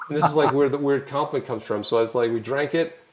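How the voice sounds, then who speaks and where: An American man hosting a live online show, telling rambling, animated travel anecdotes in casual chat. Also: mid-range voice, fast, noisy background. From United States. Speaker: show host.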